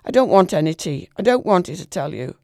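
A woman's voice: lowish voice, big pitch swings, fairly quick, vocal fry, a little mellow, dry recording, clean studio sound. A woman voicing a fretful, possessive old grandfather who mutters and pleads bitterly. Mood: angry outburst.

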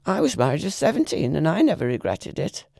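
A woman's voice: sits low, big pitch swings, brisk, gravelly, darkish tone, no room sound, clean studio sound, full character voice. A woman voicing a tired middle-aged daughter who humours her old father with cool patience. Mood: coaxing. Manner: humouring, coaxing.

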